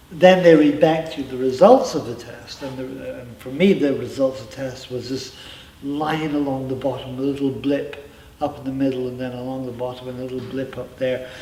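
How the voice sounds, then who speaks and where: Recounting his history as a former member, a middle-aged man speaks thoughtfully in an interview, adding emphatic asides now and then. His warm, medium-pitched voice was picked up from afar in an echoey room with a faint ambient hum.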